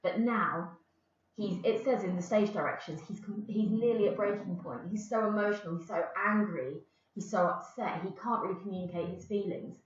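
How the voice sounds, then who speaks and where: A woman's voice: mid-range voice, moderate pace. A woman English teacher giving a recorded lesson, explaining patiently with the odd filler. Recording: roomy, dull lo-fi recording.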